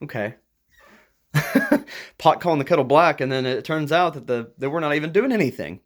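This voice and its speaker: A man's voice: animated, fast talker. Agitated man ranting, nervous laughs. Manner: agitated, nervous laughs, pitch jumps when upset. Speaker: YouTuber. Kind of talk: frustrated vlog rant.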